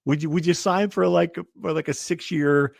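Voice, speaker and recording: A man co-hosting a casual sports podcast, joking and quick to chime in. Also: fairly high pitch, vocal fry, no room sound, clean studio sound. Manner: animated, joking, quick interjections. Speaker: podcast co-host.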